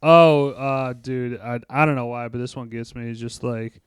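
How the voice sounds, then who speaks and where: A man's voice: mid-range voice, level tone, normal speed, smooth, dry recording, clean studio sound. A man co-hosting a podcast, chatting casually and profanely about a movie and retelling its scenes. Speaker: podcast co-host. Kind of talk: casual movie review chat.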